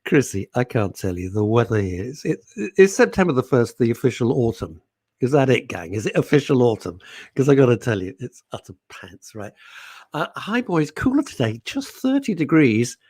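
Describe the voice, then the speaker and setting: A man's voice: mid-range voice, sing-song, a little fast, darkish tone, husky, no room sound. A middle-aged man, hosting live talk radio and reading out listener comments in a playful, teasing way. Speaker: radio show host.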